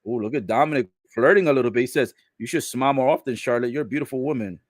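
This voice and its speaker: A man giving a casual live recap of a wrestling show, relaying what is said in the ring and reacting with laughs and loud exclamations. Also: medium pitch, rapid-fire, no room sound, studio quality. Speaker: live wrestling watch-along commentator.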